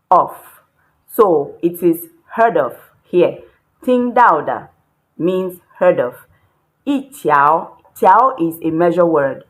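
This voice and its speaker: A woman with a somewhat low voice gives a Chinese language lesson. She speaks very slowly and explains each word patiently, repeating key points step by step. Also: rough recording.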